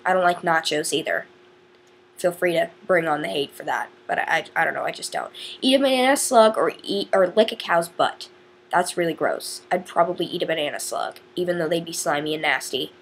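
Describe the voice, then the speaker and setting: Giggly and rambling, a female vlogger chats her way through a question challenge, frequently cutting herself off to start sentences over. She has a fairly low, husky voice.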